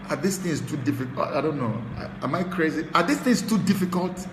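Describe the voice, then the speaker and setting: A Nigerian man hosting a talk show, giving impassioned political commentary that swings from low muttering to shouted tirades. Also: lively intonation, a little fast, hardly any pauses, roomy sound, in a large hall, a little hiss or hum. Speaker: show host.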